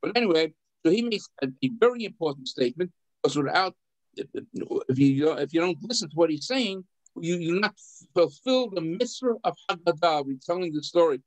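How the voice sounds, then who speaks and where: A man's voice: fairly high pitch, lively intonation, fairly quick, low-quality recording. A man teaching an adult class, explaining a text, putting questions to the class and chuckling as he goes, often repeating words. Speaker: rabbi teaching adult education. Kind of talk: adult education class on the Passover Haggadah.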